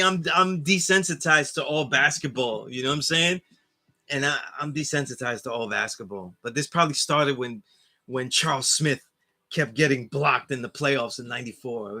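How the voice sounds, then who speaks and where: Bright rambling New York man. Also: medium pitch. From New York area. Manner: rambling, full of "you know what I'm saying". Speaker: class instructor reading live chat. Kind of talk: casual livestream chat.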